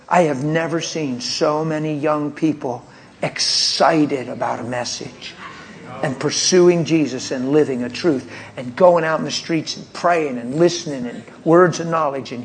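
Fervent preacher man, slightly high voice. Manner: emphatic, fervent, laughs while telling. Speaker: traveling preacher. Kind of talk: animated testimony storytelling.

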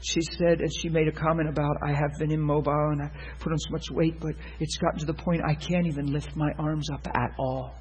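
A man preaching, telling a testimony story in an animated way, acting out the people he quotes and swinging from loud to hushed. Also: a little high, brisk, few pauses, a little hiss or hum, poor audio. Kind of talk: sermon testimony.

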